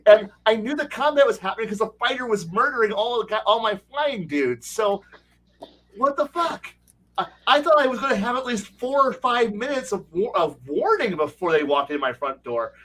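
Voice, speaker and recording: A man's voice: high-pitched, big pitch swings, normal speed, a bit bright, voice pushed up, full character voice. A man voicing an evil overlord caught off guard, indignant and swearing in exasperation. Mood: baffled outrage.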